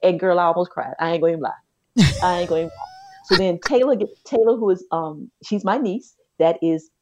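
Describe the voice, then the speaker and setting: A woman, co-hosting a podcast and telling a personal story in a chatty, animated way. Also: on the low side, fairly quick, noisy background. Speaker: podcast co-host. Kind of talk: casual chat, storytelling.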